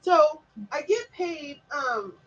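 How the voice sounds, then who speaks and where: A woman's voice: high-pitched, animated, takes it slowly, lo-fi sound. A woman vlogger in a casual chat, telling her story candidly and rambling, with lots of swearing and many "like"s and "you know"s. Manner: peppers speech with "like" and "you know". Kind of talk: casual mental health chat.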